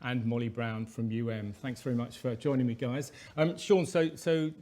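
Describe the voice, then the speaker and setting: A man hosting a business panel, introducing guests and asking questions in a friendly, slightly halting way. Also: mid-range voice, fairly even intonation, darkish tone. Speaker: panel host and executive.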